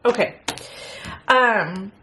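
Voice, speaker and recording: A middle-aged woman casually chatting through a crafting unboxing, excitable and gasping at pretty pieces. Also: mid-range voice, drawn-out words. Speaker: crafting channel host.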